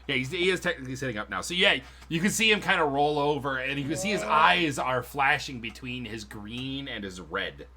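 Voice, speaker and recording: Lively bright-voiced male game master. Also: mid-range voice, brisk, few pauses. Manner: casual, swearing, laughs often. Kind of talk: narrating a tabletop game on stream.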